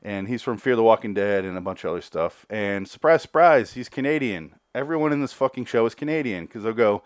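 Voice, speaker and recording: A man's voice: fairly low pitch, expressive, brisk, few pauses, clean tone, no echo, studio quality. A man hosting a podcast, giving a rambling, sarcastic and profane review of a cartoon episode in casual chat.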